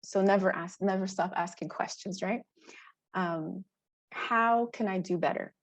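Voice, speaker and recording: A teacher giving a webinar talk, telling classroom stories in an expressive, animated way. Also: female voice, mid-range voice, a little slow, no room sound. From Canada. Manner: animated, expressive storytelling with laughs. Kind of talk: storytelling presentation.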